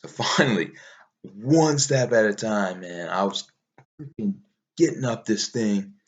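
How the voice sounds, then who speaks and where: A man's voice: lowish voice, lively intonation, a little slow. A man casually recapping a long mountain race, rambling, swearing easily and laughing at himself. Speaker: ultramarathon runner recounting a race.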